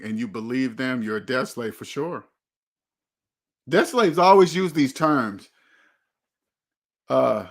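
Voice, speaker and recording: A man's voice: mid-range voice, lively intonation, unhurried, creaky, long pauses. A man hosting a motivational money talk, preachy and emphatic, driving points home with repeated questions. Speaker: host.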